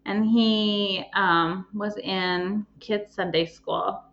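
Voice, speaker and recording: A woman hosting her own podcast, telling a personal story with emotion and plenty of pauses and ums. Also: medium pitch, steady tone, fairly bright tone, muffled recording. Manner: emotional, pausing, many ums. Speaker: podcast host and life coach.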